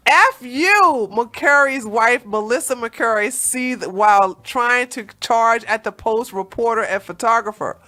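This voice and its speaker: A woman's voice: a little high, a little slow, few pauses, sharp tone. A woman hosting a political commentary livestream, brash, profane and sassy, firing off mocking outbursts between stories she reads aloud.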